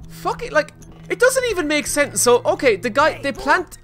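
A man streaming a video game live, reacting excitably and swearing often as he plays and talks to his chat. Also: extremely high pitch, normal speed, faint music behind. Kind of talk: casual live gameplay commentary.

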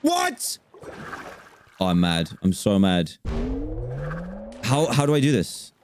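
Guy streaming a game live, keeps groaning and roasting himself, bouncy low voice, noisy background. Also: expressive, a little slow. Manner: exasperated, self-mocking outbursts. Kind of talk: live gameplay commentary. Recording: audible background noise.

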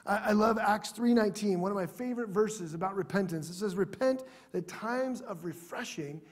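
A man pastor preaching a sermon in a church, earnest, sometimes dropping to a soft, prayerful tone. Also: high voice, moderate pace.

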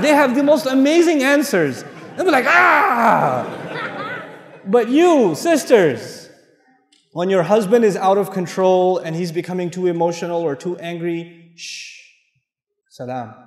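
A man from Pakistan giving a mosque lecture, telling personal stories and acting out the dialogue while joking with his audience. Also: sits high. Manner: animated storyteller who acts out dialogue and jokes with the crowd. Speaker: Islamic lecturer. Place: large mosque hall with audience. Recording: echoey hall with long reverb.

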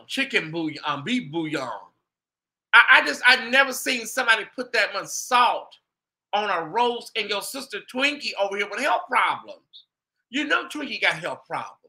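A man hosting his own show, chatting casually and gossiping with his viewers in an animated, talkative way. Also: high-pitched. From United States. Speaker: host.

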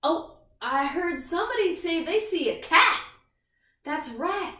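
A woman's voice: very high-pitched, lively intonation, a little slow, bright, forceful tone, reverberant, distant mic. A woman leading a yoga class for young children, cheerful and sing-song, making animal sounds with them. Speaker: kids' yoga instructor. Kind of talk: guided kids' yoga class.

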